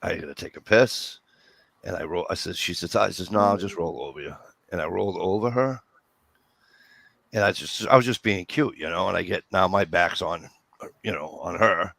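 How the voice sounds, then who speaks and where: A man casually telling a story among friends, profane and animated, acting out what everyone said. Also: deep voice, moderate pace, creaky, no echo. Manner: profane, animated storyteller who acts out quotes. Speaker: host.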